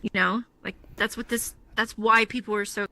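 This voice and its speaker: A woman co-hosting a podcast talks in a loose, laid-back way, full of fillers and small laughs. Her voice is bright and clear at a middle pitch. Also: normal speed. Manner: relaxed, filler-heavy, laughs easily. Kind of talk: casual chat.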